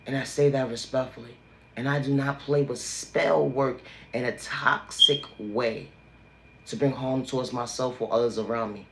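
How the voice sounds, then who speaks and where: A man speaks straight to his livestream viewers in a preachy motivational monologue. He leans on the same emphatic refrains again and again, like a sermon. His pitch sits in an ordinary middle range, and a faint hiss of background noise runs under the voice. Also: fairly even intonation, normal speed, fairly bright tone, reverberant. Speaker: livestream host.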